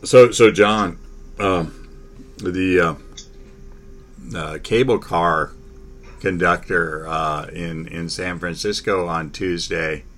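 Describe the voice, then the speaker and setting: Deep-voiced man in halting sports chat. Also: fairly bright tone, a little hiss or hum. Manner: halting, many fillers and restarts. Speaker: sports talk host.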